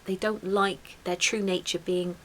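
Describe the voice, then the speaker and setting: Lady talking things over, calm advice, faint hiss. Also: on the low side, measured pace. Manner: encouraging, reflective, gives advice. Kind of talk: casual chat.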